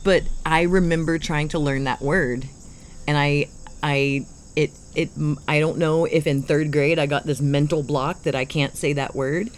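A woman's voice: low-pitched, fairly even intonation, a little slow, a little hiss or hum. A woman in casual chat, playful and self-conscious, tripping over certain words.

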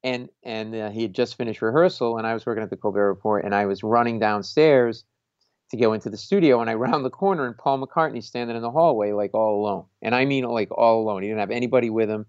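Animated male comedian telling a story. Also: lowish voice, fast, clean tone, dry recording, muffled recording. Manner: animated storyteller, acts out quoted voices, laughs often. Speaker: stand-up comedian, podcast host. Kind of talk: casual anecdote on a talk show.

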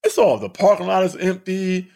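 A man's voice: high voice, moderate pace, creaky, noisy background. A man, a stand-up comedian, telling road stories casually with lots of swearing and laughter. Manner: animated, profane, laughs often. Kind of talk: casual storytelling.

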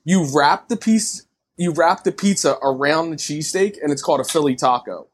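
A man's voice: on the high side, moderate pace, a little hiss or hum. A man from Philadelphia telling a story with emphasis as a podcast guest. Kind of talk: casual storytelling chat.

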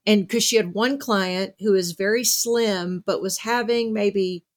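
A woman hosting a podcast interview, chatting casually and retelling what she has read with lively asides. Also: mid-range voice, measured pace. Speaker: podcast host.

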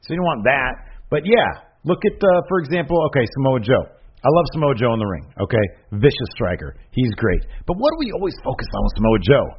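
A man co-hosting a podcast, arguing his point in an animated, opinionated way and breaking into quick impressions. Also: mid-range voice, slightly rough, highs cut off. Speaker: podcast co-host. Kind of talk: casual debate chat.

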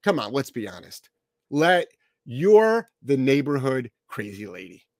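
A man's voice: medium pitch, sing-song, a little slow, a little mellow. Blunt, profane male dog trainer. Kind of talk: podcast Q&A.

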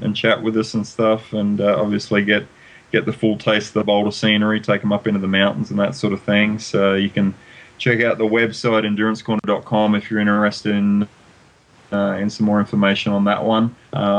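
A man from Australia, a guest coach answering questions in a halting way, with many fillers. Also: lowish voice, low-quality recording. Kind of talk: casual interview answers.

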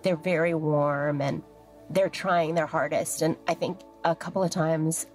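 A woman in her thirties telling family stories in a lively, casual way, acting out the voices of the people she quotes. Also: sits low, a little slow, faint music behind. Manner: animated, acts out quoted voices, laughs often. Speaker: guest. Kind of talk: casual storytelling.

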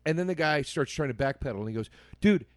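A man's voice: medium pitch, expressive, rapid-fire, a bit bright, no echo, studio quality. A man telling a long story to his podcast co-host, laughing often and quoting people in his own voice. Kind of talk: casual chat, storytelling.

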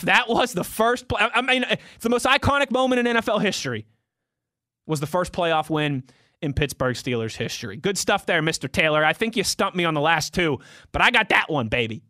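A man's voice: sits high, bright, forceful tone, no echo, studio quality. A young man hosting a casual sports talk show, answering fan tweets off the cuff in a rambling, conversational way.

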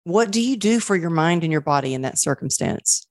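A woman host interviewing a guest in a chatty, enthusiastic way, often talking quickly. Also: fairly low pitch, lively intonation, dry recording, clean studio sound. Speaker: podcast host. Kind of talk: casual interview chat.

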